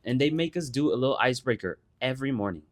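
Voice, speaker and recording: A young man chats on a podcast, middle-pitched and lively, slipping into mock voices as he retells what people said. He swears freely and keeps the stories rolling in a loose, casual way. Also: quick pace. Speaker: podcast co-host. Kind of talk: casual chat.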